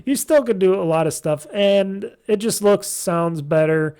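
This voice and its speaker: Male podcast host, gravelly, slightly high-pitched, rambling casual game talk. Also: measured pace, darkish tone. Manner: loose and chatty, many fillers and restarts.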